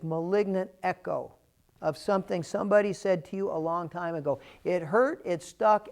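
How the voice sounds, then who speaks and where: High-voiced earnest male coach. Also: darkish tone. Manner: earnest, emphatic, conversational with repeated phrases. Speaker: values coach and course presenter. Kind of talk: motivational teaching talk.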